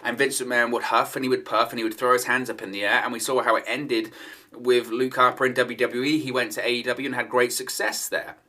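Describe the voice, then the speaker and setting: A man's voice: mid-range voice, little pitch movement, a little fast, bright, forceful tone. A man giving solo opinion commentary on wrestling news, in a conversational manner and repeating his points for emphasis.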